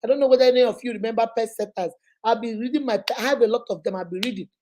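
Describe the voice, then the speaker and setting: A woman with a Nigerian accent telling personal stories in a lively way, acting out what her family said and dropping in Igbo words. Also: fairly high pitch, racing, a little hiss or hum. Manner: animated, acts out quoted family members; drops Igbo words into speech. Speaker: motivational vlogger. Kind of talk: personal storytelling monologue.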